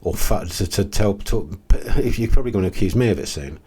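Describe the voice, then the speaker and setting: Blunt low-voiced man with a husky tone. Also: animated, fairly quick, dark tone. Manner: blunt, exasperated, with frequent ums and restarts. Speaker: crypto video host. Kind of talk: casual commentary video.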